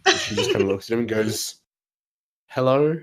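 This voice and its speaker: Male game master, casual, halting narration with frequent laughter. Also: lowish voice, huge pitch swings, a bit bright.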